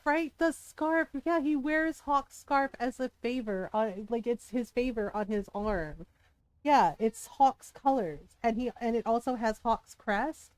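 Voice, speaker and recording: A woman's voice: high voice, a little mellow, smooth, no room sound. A woman game streamer in casual livestream chat, ranting heatedly, swearing often and breaking into laughs.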